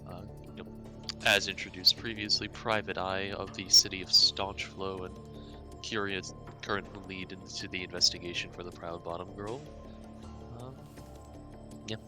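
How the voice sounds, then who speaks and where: Deep-voiced quiet man, halting. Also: fairly even intonation. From United States. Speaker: player. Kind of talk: casual chat. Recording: music bed under a quiet voice.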